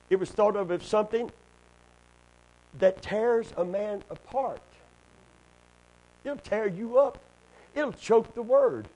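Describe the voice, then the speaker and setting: High-voiced preacher man, swinging loud and soft. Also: rough recording. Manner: preaching with sudden loud high climbs and quiet low asides. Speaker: pastor. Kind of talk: sermon.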